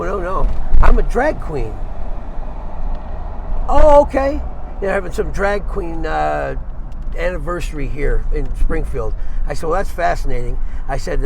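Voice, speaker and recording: Gravelly man venting from his car. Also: fairly high pitch, a little hiss or hum, rough recording. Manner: profane, exasperated storytelling. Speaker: vlogger. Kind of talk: casual storytelling to camera. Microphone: phone camera mounted in car.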